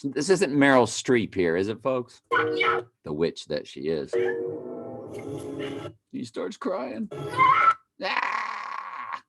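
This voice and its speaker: A man's voice: medium pitch, huge pitch swings, takes it slowly, gravelly, long pauses, over loud music. A man giving casual, playful commentary over a video he plays, repeating phrases in a mock chant and breaking into sudden exclamations.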